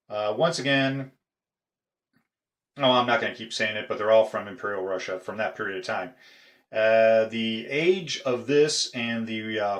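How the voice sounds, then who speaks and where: A middle-aged man collecting padlocks, talking casually in a show-and-tell video, halting with frequent pauses. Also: medium pitch, a bit bright. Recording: echoey room.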